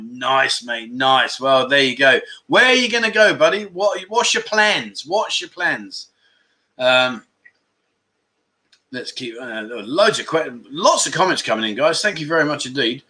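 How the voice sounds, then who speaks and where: A middle-aged man hosting a casual livestream chat show, reading out viewer comments in an animated, exclamatory way. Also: mid-range voice, a little slow. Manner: animated and exclamatory, with loud catchphrases.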